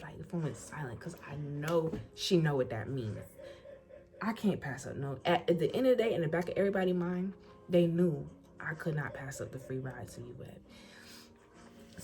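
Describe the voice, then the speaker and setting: A young woman from Florida telling a casual storytime about getting into college, animated and colloquial, acting out what people said. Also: on the low side, normal speed. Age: young adult. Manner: animated, colloquial, acts out quotes. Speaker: incoming college student. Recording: music playing behind voice.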